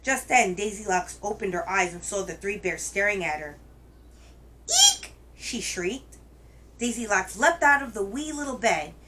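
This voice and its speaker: A woman hosting a children's reading show, telling a picture book aloud in a gentle, expressive way. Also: mid-range voice, moderate pace, slight background noise, poor audio. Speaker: children's story reader, host.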